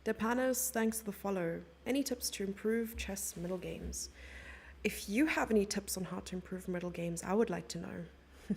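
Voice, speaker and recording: A woman's voice: mid-range voice, moderate pace, vocal fry, breathy edge. A young woman commenting on chess live and chatting playfully with her viewers. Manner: chatty, playful, reads out and answers chat.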